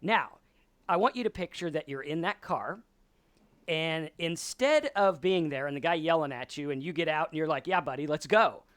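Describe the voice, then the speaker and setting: A man's voice: on the high side, animated, moderate pace, a bit bright, smooth, dry recording. A man hosting a sobriety talk, explaining ideas at a whiteboard in a casual, conversational lecture style and acting out quoted voices. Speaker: podcast host.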